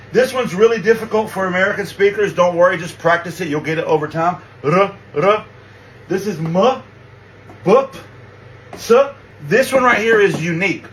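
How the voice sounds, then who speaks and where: A man's voice: high voice, fairly bright tone, a little hiss or hum, poor audio. A man giving a casual spoken tutorial, patient and reassuring, drawing out each letter sound. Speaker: language teacher.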